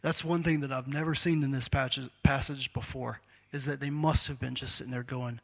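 A man's voice: a little high, fairly even intonation, brisk, few pauses. A man preaching a sermon in a conversational, storytelling way, acting out the quotes he tells.

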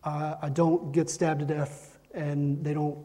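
A man's voice: fairly high pitch, level tone, unhurried, mellow. A man preaching a sermon, emphatic and repeating lines to drive his points home. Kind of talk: sermon with Bible reading.

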